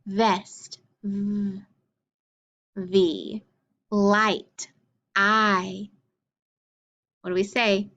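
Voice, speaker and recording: A woman's voice: medium pitch, fairly bright tone, highs cut off. A woman teaching a phonics lesson, sounding out letter blends and praising each answer patiently. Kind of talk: slow phonics drill.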